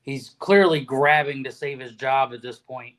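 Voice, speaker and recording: A man's voice: mid-range voice, normal speed, a bit bright, poor audio. A man calling in to a sports podcast, blunt and grumbling with many fillers. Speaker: regular caller. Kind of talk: casual sports chat.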